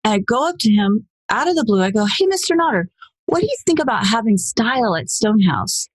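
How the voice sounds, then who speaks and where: Woman in her 40s, guest storyteller, lively, acts out quotes, dry close mic. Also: fast, breathy edge, no room sound. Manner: animated, acts out quoted voices with pitch jumps. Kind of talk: casual storytelling interview.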